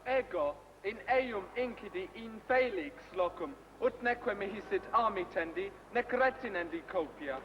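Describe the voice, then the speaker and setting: A young man performs a distressed youth from a Roman comedy, declaiming in a measured way with a fairly high voice. The sound is a dull old archive recording with faint hiss. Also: lively intonation, in a large hall. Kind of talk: school Latin play rehearsal.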